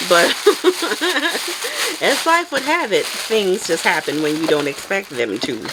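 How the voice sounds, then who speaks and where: A woman chatting casually while packing orders, telling stories in an animated way and laughing often. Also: medium pitch, takes it slowly, heavy background noise. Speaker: soap maker vlogger.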